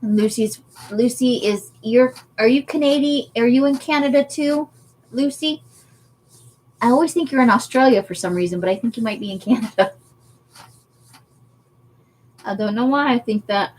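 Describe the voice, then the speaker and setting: A woman's voice: a little high, a little fast, a little mellow, a little hiss or hum. A woman chatting casually on a craft livestream, laughing often as she answers viewer comments. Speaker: livestream host.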